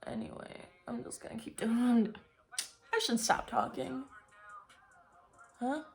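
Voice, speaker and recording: A woman's voice: a little high, measured pace, vocal fry, soft background music. A woman makeup vlogger chatting casually to herself while she works, rambling and thinking aloud.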